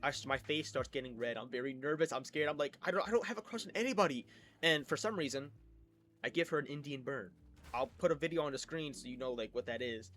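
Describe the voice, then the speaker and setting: A young man telling childhood stories in a rambling, self-mocking way, acting out quotes with sudden loud bursts. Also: mid-range voice, quick pace, soft background music. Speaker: storytime creator. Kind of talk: casual storytelling.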